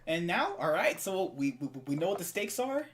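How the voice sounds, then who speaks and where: A man's voice: high voice, sing-song, normal speed. A young man in casual esports debate chat, teasing and argumentative as he makes his points.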